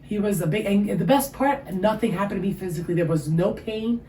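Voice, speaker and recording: An animated, emotional storyteller, she is an interview guest giving her personal testimony. Her mid-range voice moves a little fast, and the echoey room carries faint ambient noise.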